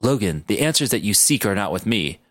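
A man's voice: on the low side, big pitch swings, a little fast, no echo, clean studio sound, pitched below the performer's own voice. A man playing an aloof sword master. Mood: solemn. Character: calm mysterious male sword master, aloof.

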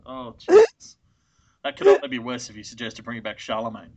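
A man's voice: mid-range voice, brisk, vocal fry, dull audio, a crowd in the background. A man co-hosting a casual chat, sarcastic, swearing freely and ranting with energy. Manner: sarcastic, swears a lot, animated rants. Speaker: podcast co-host.

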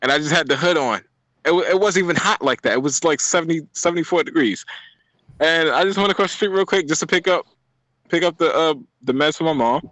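A man's voice: fairly high pitch, fast talker, a bit bright, dry recording. A young man, telling a story in casual chat and laughing often.

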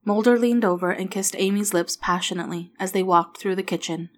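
A woman narrating a story aloud in an even, steady manner. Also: mid-range voice, brisk.

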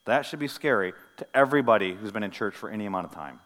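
A male pastor giving a sermon, moving between hushed, intimate lines and loud, emphatic ones, with casual asides and light humor. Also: on the low side, quick pace, long reverb tail. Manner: animated preaching, swinging from soft to loud. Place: church sanctuary.

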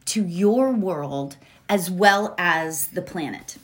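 Slow, gentle-voiced woman speaker. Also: fairly low pitch, lively intonation. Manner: slow, gentle, drawn-out phrasing with soft laughs. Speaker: spiritual speaker leading a meditation. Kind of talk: slow inspirational talk into guided meditation.

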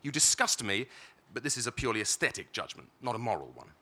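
A man's voice: mid-range voice, very animated, fast, bright, forceful tone, heavily acted. A man reading as a curt doctor. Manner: curt, blunt. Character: brusque, disdainful male doctor.

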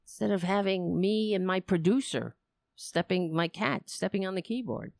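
On her home political livestream, a woman talks bluntly to her chat in a profane, exasperated rant, recorded on a cheap microphone with headphones. Her mid-range voice is expressive, creaky and a little mellow, at normal speed with no echo.

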